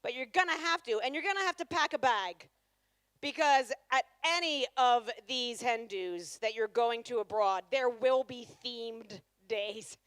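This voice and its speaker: High-voiced woman doing stand-up. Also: expressive, a little slow, a bit bright, clean tone, dry recording. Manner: chatty, sarcastic, teasing the crowd. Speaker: stand-up comedian. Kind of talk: live stand-up comedy set. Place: live comedy stage.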